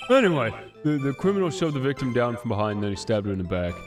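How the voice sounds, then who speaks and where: An earnest, bumbling police detective voiced by a man stumbles over his words with fillers and restarts. Game music plays clearly underneath. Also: mid-range voice, very animated, close to an everyday voice. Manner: hesitant, halting, with fillers.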